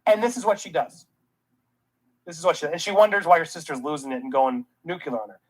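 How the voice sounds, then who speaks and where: Fields: Role: ranting commentary host. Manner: indignant, sarcastic. Pitch: middle. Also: fast, slightly rough, rough recording. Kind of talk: reaction commentary.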